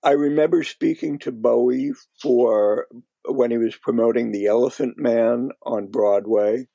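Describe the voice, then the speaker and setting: An older man reminiscing in a slow, halting way as a guest in a casual podcast conversation, with a gravelly, husky voice. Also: mid-range voice, dark tone, dry recording, dull audio. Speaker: guest, former music critic.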